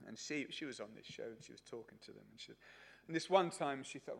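A man's voice: mid-range voice, lively intonation, fast talker, vocal fry, breathy edge. A man preaching a sermon at a church service, telling a story in a chatty way with many fillers.

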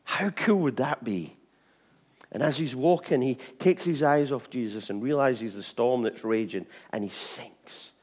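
A man preaching an informal sermon, chatty with repeated asides, swinging from bright emphasis to hushed tones. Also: fairly low pitch. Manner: chatty, with frequent "you know what I mean" and restarts.

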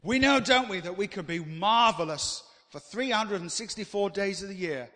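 A man preaching a sermon, animated and swinging between loud emphasis and quiet asides. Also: high-pitched, moderate pace. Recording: long hall reverb.

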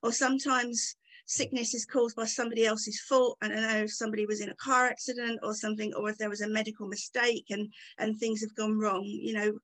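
A woman's voice: a little high, little pitch movement, brisk, a bit bright, low-quality recording. A woman giving informal bible teaching in a conversational, enthusiastic way with many fillers.

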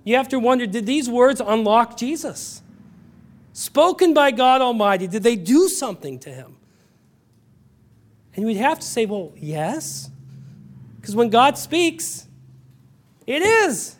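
A man with a notably high voice delivers a sermon as pastor. He drops to quiet, intimate storytelling, then rises to emphatic, ringing declarations. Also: sing-song, a little slow, pauses often. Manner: emphatic, swinging from hushed storytelling to raised exclamations.

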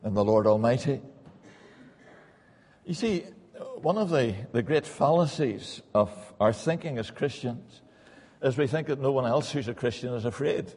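A middle-aged man preaches in a church, earnest and pressing his points home by repeating them. His voice sits at an ordinary pitch and rings out with a long reverb from the hall. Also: expressive, moderate pace, darkish tone, slightly rough. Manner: earnest, repeats lines for emphasis. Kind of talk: sermon.

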